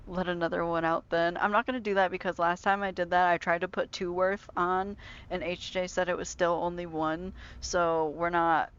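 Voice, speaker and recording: A woman streaming a video game, chatting casually and excitably with frequent swearing and playful grumbling. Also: on the low side, smooth, dull audio. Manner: chatty, excitable, quick reactions and self-talk. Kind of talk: casual live-stream gameplay commentary.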